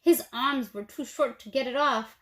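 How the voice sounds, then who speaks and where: A woman teacher reading a picture book aloud to her students, gentle and expressive. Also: high voice, normal speed. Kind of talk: storybook read-aloud for children.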